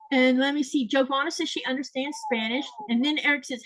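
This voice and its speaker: Woman, livestream host, higher-pitched, chatty, reads chat aloud. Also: fairly even intonation, brisk, fairly bright tone, rough recording. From Southern United States. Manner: chatty, reads viewer comments aloud and laughs often.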